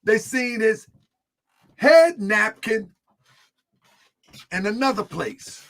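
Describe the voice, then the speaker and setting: Animated man teaching scripture. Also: high voice, extremely slow. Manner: animated storytelling with many fillers. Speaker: religious teacher. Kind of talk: religious teaching.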